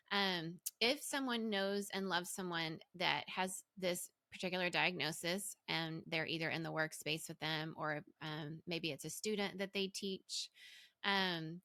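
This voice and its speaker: A woman's voice: fairly low pitch, pushed and bright, no room sound, clean studio sound. A woman hosting a podcast interview, asking long, careful questions and affirming her guest. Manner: affirming listener, asks long thoughtful questions. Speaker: podcast host. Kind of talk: conversational interview.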